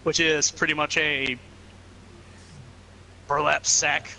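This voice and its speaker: A man chatting casually over a game stream, making quick quips and laughing often. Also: fairly high pitch, little pitch movement, creaky, pushed and bright, slight background noise, rough recording. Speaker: friend joining the stream. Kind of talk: casual joking chat.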